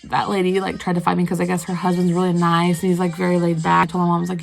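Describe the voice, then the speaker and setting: Chatty young woman with a gravelly voice. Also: lowish voice, monotone, very fast, faint music behind, poor audio. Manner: rambling, chatty, lots of fillers. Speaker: beauty vlogger. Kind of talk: casual storytime while doing makeup.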